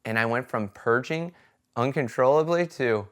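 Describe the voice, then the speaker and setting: A man chatting casually to camera about his experiences, telling stories in an animated way and often checking in with "right?" and "okay?". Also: mid-range voice, brisk, clean tone. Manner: animated storytelling, acts out quoted voices; conversational fillers like "right?" and "okay?". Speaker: vlogger sharing experiences.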